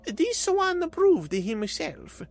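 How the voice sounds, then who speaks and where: A man voicing a stern female alien elder who speaks in a terse, measured and firm way. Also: very high voice, huge pitch swings, soft background music, voice pushed up, exaggerated voice.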